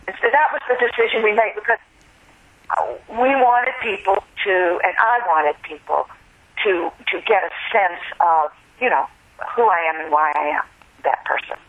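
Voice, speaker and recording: An older woman from the American South chats and reminisces as an interview guest, relaxed and quick to laugh. Her voice comes through a narrow, tinny phone line. It sits at an ordinary middle pitch. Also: husky. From US South, Alabama. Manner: chatty, reflective, laughs easily. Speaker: guest, singer. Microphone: telephone.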